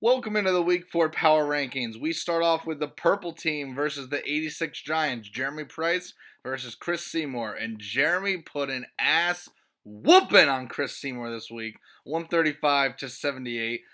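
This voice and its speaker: A man hosting a fantasy football league recap, sarcastic and excitable, with sudden loud bursts of mock disbelief. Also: a little high, normal speed. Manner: sarcastic, excitable, profane, with swings between flat and loud disbelief. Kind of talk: comedic sports recap.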